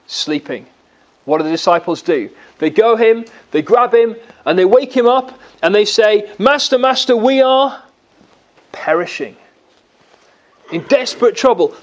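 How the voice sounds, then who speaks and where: A man preaching a sermon in an earnest way, with dramatic rises and drops in his voice. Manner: earnest, with dramatic swings in pitch and volume.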